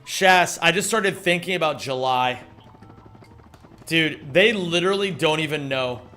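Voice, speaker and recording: A man streaming a speedrun, excitable, swearing freely and bantering with his chat. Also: a little high, a little slow, soft background music. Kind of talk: live-stream commentary while playing.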